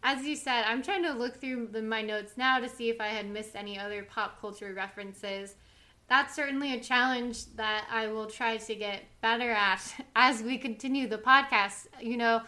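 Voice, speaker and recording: A woman's voice: fairly high pitch, pushed and bright. A woman co-hosting a podcast in casual chat, chatty and laughing often. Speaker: podcast co-host.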